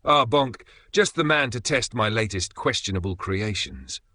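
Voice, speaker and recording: Man voicing a chirpy, eager gadget boffin, bright and close. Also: lowish voice, animated, moderate pace, no echo. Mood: gleeful. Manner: chirpy, enthusiastic salesman patter. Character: cheerful male gadget inventor, eager.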